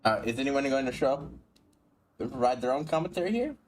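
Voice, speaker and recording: A man's voice: medium pitch, sing-song, quick pace. A man streaming a video game, chatting casually, often swearing and stumbling over his words. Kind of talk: casual gaming commentary.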